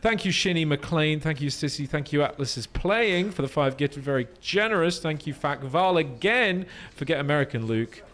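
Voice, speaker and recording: A man's voice: fairly high pitch, expressive, moderate pace, hardly any pauses, a bit bright. A man streaming a game in a small room full of screens, rambling casually to chat with self-mocking jokes.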